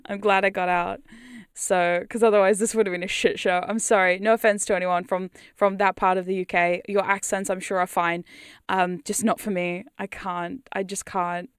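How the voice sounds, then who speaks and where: A British woman whose accent is drifting toward New Zealand chats casually with her stream. She rambles, mocks herself and laughs often, at a mid pitch. She is recorded dry and close on a condenser mic. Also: little pitch movement, moderate pace, smooth, no room sound. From United Kingdom. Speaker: hypnosis content creator. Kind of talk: casual livestream chat. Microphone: studio condenser mic.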